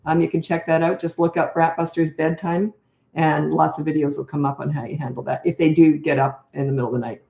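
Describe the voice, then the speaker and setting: A woman's voice: low-pitched, steady tone, brisk, vocal fry, dark tone. Chatty Canadian woman in her sixties, echoey room. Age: 60s. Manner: chatty, laughing storyteller who drifts off topic. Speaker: parenting coach answering viewer questions. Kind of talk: casual chat with anecdotes. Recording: roomy echo.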